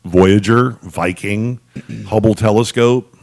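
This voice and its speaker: A man's voice: lowish voice, steady tone, slow, vocal fry, darkish tone. Male podcast host, studio mic, rambling, joking, lots of restarts. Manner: rambling, jokey, many restarts. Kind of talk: casual chat. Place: home studio. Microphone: studio mic on camera.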